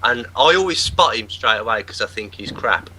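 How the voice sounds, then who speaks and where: A man's voice: medium pitch, lively intonation, moderate pace, bright, forceful tone, slightly rough, low-quality recording. A man bantering on a panel, teasing and joking.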